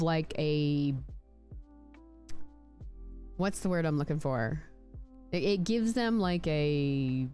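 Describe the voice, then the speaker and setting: Chatting playfully on a casual live stream, this woman talks about her pet snakes, occasionally giving them silly voices. She speaks with lots of "likes" and restarts in a low, darkish voice.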